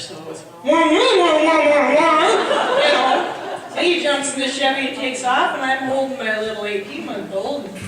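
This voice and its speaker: A middle-aged woman telling a funny farm story live at a party, acting out the men's shouting. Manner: animated, acts out the men's shouting in a higher voice. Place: hall at a holiday party. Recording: echoey hall, mic at a distance, audience noise.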